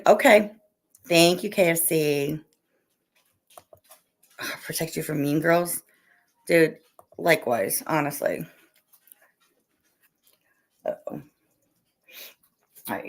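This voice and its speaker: In a low-pitched, gravelly voice, a woman chats with her livestream viewers and her barking dogs while cooking at home in the kitchen. She is still coughing a little.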